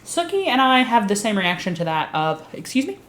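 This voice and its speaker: A woman casually recapping a TV series, swearing freely and acting out characters' lines in an animated storytelling way. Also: medium pitch, moderate pace. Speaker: video recap host. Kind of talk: casual profane recap commentary. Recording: roomy echo with faint background hiss.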